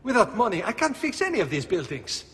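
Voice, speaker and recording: Businesslike architect, high lively pitch, salesman patter, reverberant game audio. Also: quick pace, heavily acted. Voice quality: wry, salesman-like. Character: brisk, businesslike Italian male architect. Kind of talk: video game dialogue.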